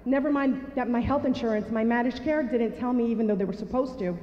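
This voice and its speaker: A woman giving a personal testimony to an audience. She tells it as an animated storyteller and acts out the dialogue. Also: a little high, quick pace. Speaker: speaker sharing a personal story. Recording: echoey hall, dull sound.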